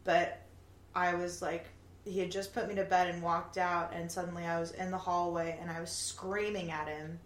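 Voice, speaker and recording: A woman telling her own stories in an animated way, swearing now and then, in a casual group chat. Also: lowish voice, normal speed. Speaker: guest. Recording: echoey room, faint background noise.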